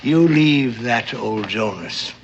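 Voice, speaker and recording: A man's voice: medium pitch, expressive, slow pace, slight background noise. An actor playing a grizzled, crafty old male sea captain who talks in salty sailor slang and blusters. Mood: scheming, gruff. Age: older. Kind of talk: 1960s TV drama acting. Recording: muffled old TV soundtrack with music.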